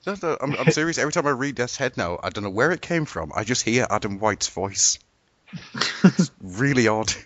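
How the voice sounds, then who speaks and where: A man hosting a casual podcast chat, playful and quick to laugh. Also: medium pitch, no room sound, dull audio. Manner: playful, laughing, lively delivery. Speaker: podcast host.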